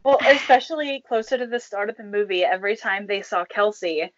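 A woman's voice: mid-range voice, a little fast, no room sound. Thoughtful young woman, dry lo-fi sound. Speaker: co-host discussing a movie. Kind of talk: casual chat.

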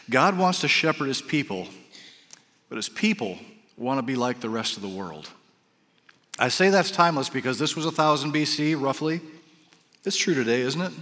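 A man preaching a sermon to his congregation. He acts out the voices of the people in the story and drops into soft, quiet asides. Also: medium pitch. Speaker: pastor. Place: church sanctuary. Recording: reverberant hall.

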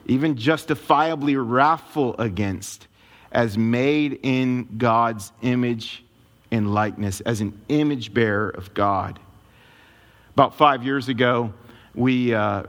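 A man preaching a sermon as a pastor, telling a personal story in an animated, emotional way. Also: medium pitch.

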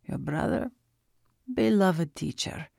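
A man's voice: fairly high pitch, lively intonation, takes it slowly, vocal fry, darkish tone, slightly rough, no echo, clean studio sound, exaggerated voice. A woman voicing the spirit of a man's dead father with a Russian accent, who speaks in clipped phrases that drop small words. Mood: persuasive. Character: father's spirit from paradise, earnest Russian man. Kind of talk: storybook narration.

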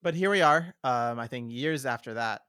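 A man's voice: mid-range voice, normal speed, a bit bright, clean tone, dry recording, studio quality. Wry man co-hosting a podcast. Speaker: podcast co-host. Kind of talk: casual chat.

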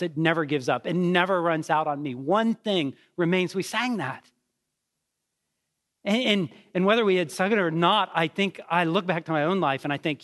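A man's voice: high voice, normal speed, fairly bright tone. A middle-aged man, a pastor, preaching an earnest, conversational sermon full of rhetorical questions.

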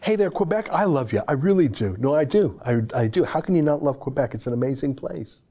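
A man's voice: medium pitch, animated, brisk, mellow, breathy edge. A man hosting an opinion commentary show, delivering a sarcastic, emphatic, heated monologue.

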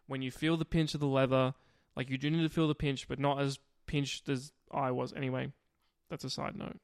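A man's voice: medium pitch, little pitch movement, fairly quick, creaky, clean tone, no room sound, clean studio sound. A young man, co-hosting a podcast in casual chat, sheepish and given to rambling side notes. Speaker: podcast co-host.

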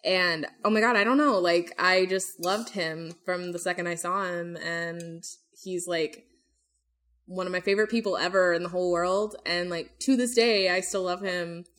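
A young woman co-hosts a podcast, chatting casually with lots of fillers and swearing. Her voice is fairly low and fairly bright, with fairly even intonation at a moderate pace.

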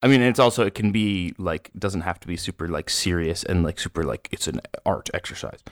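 A man's voice: low-pitched, a little fast, no echo. A man co-hosting a podcast, chatting casually and telling a rambling story full of fillers. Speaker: podcast co-host. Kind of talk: casual chat.

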